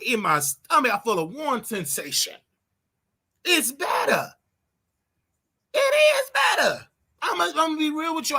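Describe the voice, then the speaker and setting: Flamboyant, animated man with a gravelly voice. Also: very high-pitched. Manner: flamboyant and sing-song, sudden yelps and laughter. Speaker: online preacher commentator. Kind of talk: casual livestream rant.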